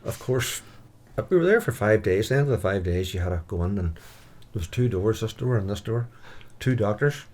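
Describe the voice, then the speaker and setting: A man's voice: lowish voice, expressive, fairly quick, darkish tone. A Northern Irish man reminiscing in a chatty way, dotting his talk with "like" and "aye". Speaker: brother reminiscing on radio. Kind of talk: casual reminiscing.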